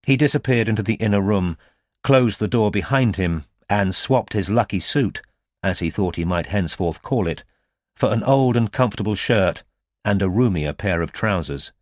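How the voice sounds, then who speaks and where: A man reads a detective audiobook in a low, measured voice. The close studio mic leaves the sound dry and free of echo. His pace is even and unhurried. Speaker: audiobook narrator. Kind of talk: scripted narration.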